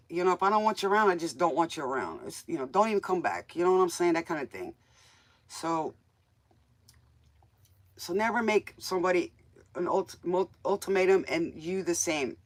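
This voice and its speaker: A woman's voice: fairly low pitch, fairly bright tone. A woman with a smoky voice, chatting in a folksy, rambling way as she reads tarot cards for viewers on her show. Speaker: tarot reader and DJ host. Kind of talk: casual live tarot reading chat.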